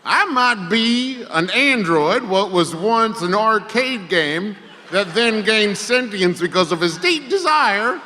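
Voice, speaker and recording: A man playing a male android who was once an arcade game, speaking slowly and deliberately on a live stage. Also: high-pitched, animated, bright, forceful tone, a little hiss or hum, full character voice. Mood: wary. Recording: live theater stage reverb.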